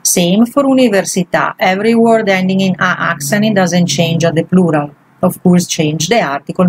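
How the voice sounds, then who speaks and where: A woman's voice: lowish voice, slightly rough, rough recording. A woman, a language teacher, patiently walking through grammar exercises one example at a time. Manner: patient, walks through each example step by step.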